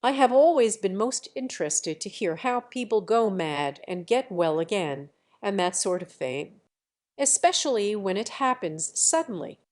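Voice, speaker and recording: A woman's voice: mid-range voice, sing-song, measured pace, a little mellow. A woman reading the part of a thoughtful young woman who speaks in a composed, reasoned way. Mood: curious.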